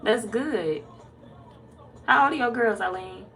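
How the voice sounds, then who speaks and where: A woman tarot reader casually chatting with viewers on a livestream, reading their comments aloud, laid-back and quick to laugh. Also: a little high, a bit bright, faint music behind.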